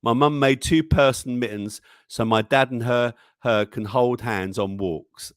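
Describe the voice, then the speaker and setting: A man's voice: medium pitch, fairly even intonation, unhurried, dry recording, studio quality. A man hosting a casual live-stream news show, chatting and reading memes aloud, chuckling often and exclaiming over what he shows. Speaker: livestream news show host.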